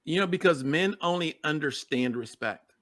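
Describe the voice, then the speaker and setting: A man's voice: fairly high pitch, expressive, normal speed, a bit bright. A middle-aged man telling a personal story as a podcast guest, earnest and emotional, often repeating words for emphasis. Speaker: guest, success coach.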